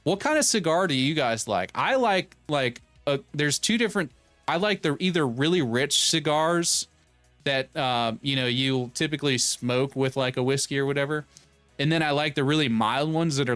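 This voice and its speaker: Smooth-voiced joking streamer guy. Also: mid-range voice, moderate pace, a bit bright, no echo, faint music behind. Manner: rambling, joking, reads chat aloud and riffs on it. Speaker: streamer host. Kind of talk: casual live-stream chat.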